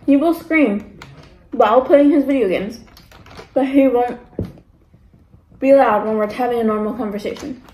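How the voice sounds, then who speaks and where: A chatty young woman talks through a casual eating vlog and slips into other people's voices as she tells her stories. Her voice sits a little high. The room around her is noticeably echoey. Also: normal speed, long pauses, slight background noise. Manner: chatty, animated storytelling with mimicked voices. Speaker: mukbang vlogger. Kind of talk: casual chat while eating.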